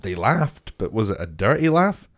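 Lively young man, casual banter. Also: fairly low pitch, moderate pace. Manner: laughing, swearing banter, trying out accents. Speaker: podcast co-host. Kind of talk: casual chat.

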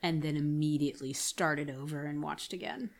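A woman co-hosting a casual podcast chat, wry and measured. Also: sits low, gravelly. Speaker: podcast co-host.

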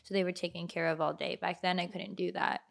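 Young woman, low voice, vocal fry, casual chat, lots of "like" fillers. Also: level tone, quick pace. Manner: chatty, with many "like" fillers and laughs.

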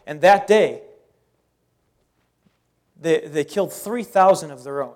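A male pastor preaching a sermon in an animated, storytelling way, with casual asides. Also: a little high, slow pace, pauses often.

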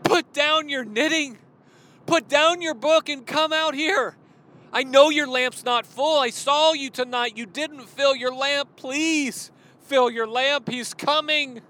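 A man's voice: extremely high pitch, fairly even intonation, slow pace, sharp tone, voice pushed up, full character voice. A preacher putting on an eager young village woman, pleading. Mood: urgent pleading. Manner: urgent, pleading calls. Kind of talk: sermon storytelling.

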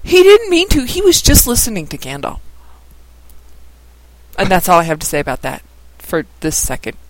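Male podcast co-host, goofy and rambling, very animated pitch. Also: normal speed, no room sound, rough recording. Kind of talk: casual chat.

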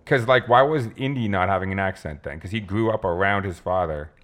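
Man, lower voice, easygoing podcast co-host, musing film talk. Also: a little fast, fairly bright tone. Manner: laid-back, thinking aloud with fillers. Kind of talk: casual movie discussion.

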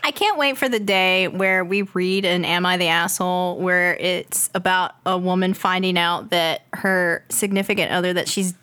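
A woman's voice: lowish voice, steady tone, moderate pace, few pauses, bright, forceful tone, clean tone. A woman co-hosting a podcast, chatting casually and comedically in a blunt, profane, mock-outraged way. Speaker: podcast co-host.

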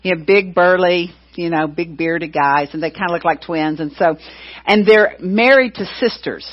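This church leader, a middle-aged woman, speaks at a moderate pace in a fairly low voice while giving relaxed announcements. Her storytelling is chatty, full of "you know" and recounted dialogue, captured on a muffled, dull lo-fi recording.

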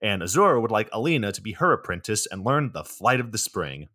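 Low-voiced sarcastic man recapping. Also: very animated, brisk, bright, forceful tone. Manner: sarcastic, swears freely. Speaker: podcast co-host. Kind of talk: casual movie recap.

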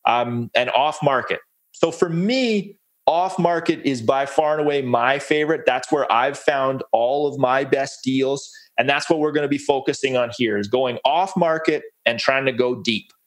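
A man's voice: medium pitch, moderate pace. A man presenting a real estate case study on a webinar, upbeat and folksy, walking through steps. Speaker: guest presenter.

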